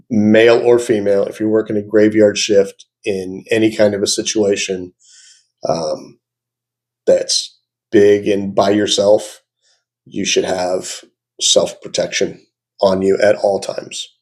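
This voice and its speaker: A man's voice: lowish voice, slow pace, pauses often, darkish tone. A man hosting a reaction video, chatty and opinionated, with frequent fillers as he shares his views. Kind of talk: casual reaction commentary.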